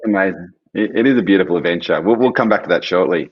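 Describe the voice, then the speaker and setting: A man's voice: low voice, fast talker, breathy edge, highs cut off. A man hosting a live stream, chatty, reading out viewer questions.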